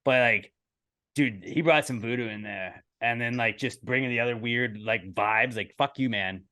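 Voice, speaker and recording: A man's voice: mid-range voice, moderate pace, sharp tone. A man co-hosting a podcast, telling a long story in casual chat, rambling with restarts and swearing as he acts out what others said. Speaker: podcast co-host.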